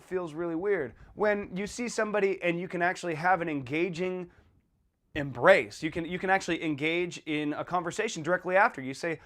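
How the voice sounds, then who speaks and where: A man hosting a podcast in a casual monologue, animated and blunt, acting out little exchanges as he talks. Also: high voice, brisk. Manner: animated, acts out little dialogues in a raised voice; blunt and irreverent. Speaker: podcast host.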